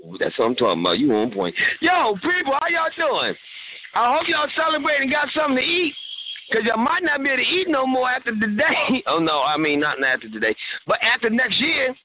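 High-voiced joking man on a phone line. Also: big pitch swings, a little fast. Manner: joking, rambling, laughs often. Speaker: radio show co-host. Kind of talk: casual call-in radio banter. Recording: tinny phone line, faint noise.

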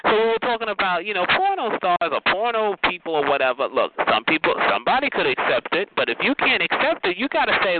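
Sassy, profane man caller, lively swooping delivery, raised voice, tinny phone line with hiss. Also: fast, hardly any pauses. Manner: sassy and profane, calls listeners honey and child; animated with big pitch jumps and laughs. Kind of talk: casual rant.

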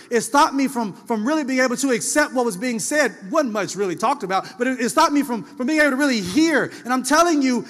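A man's voice: very high-pitched, big-room sound. A man preaching a sermon in a loose, conversational way, telling stories and acting out people's lines. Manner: conversational, animated storytelling with voiced asides. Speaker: pastor.

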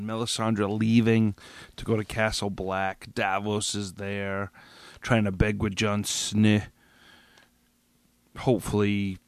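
A man's voice: lowish voice, gravelly, no echo. A man hosting a podcast, reacting alone to a TV finale in an agitated, profane, rambling way with many restarts, a little tipsy. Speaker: podcast host. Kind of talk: solo episode reaction rant.

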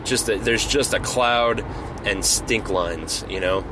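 A man hosting a podcast, telling a comedic story in a rambling way full of fillers and restarts, over a steady background hum. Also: fairly low pitch, slow. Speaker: podcast host.

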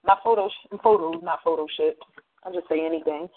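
A woman's voice: low-pitched, fairly quick. Casting: chatty radio host woman, slangy storyteller, thin phone-like audio. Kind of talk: casual monologue. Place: New Jersey.

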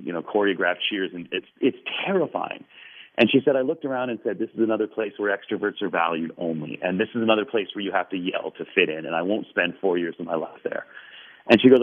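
A man telling a long story in an interview, quoting the people in it. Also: fairly low pitch. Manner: animated, quoting others at length. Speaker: guest storyteller. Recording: tinny phone-line radio sound.

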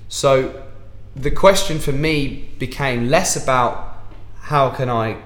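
A man's voice: medium pitch, slow, fairly bright tone, roomy sound. A man with an English accent, a guest musician in a casual podcast chat, talking animatedly and swearing freely.

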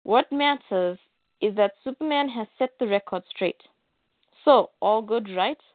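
Guarded sharp lady reporter read by a woman, tinny dry phone audio. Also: fairly high pitch, unhurried, no echo, close to an everyday voice. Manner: light read-aloud of comic dialogue.

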